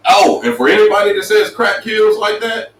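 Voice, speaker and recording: A loud profane middle-aged man, roomy distant mic. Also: high voice, moderate pace, a little hiss or hum. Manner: profane, animated storytelling with put-on quoted voices. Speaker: co-host. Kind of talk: casual podcast banter.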